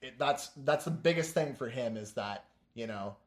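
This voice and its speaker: A man's voice: mid-range voice, expressive, normal speed. A young man co-hosting a casual podcast, talking earnestly and enthusiastically about films. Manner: earnest, enthusiastic, makes sweeping praise. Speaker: podcast co-host. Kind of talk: casual chat. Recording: echoey room sound.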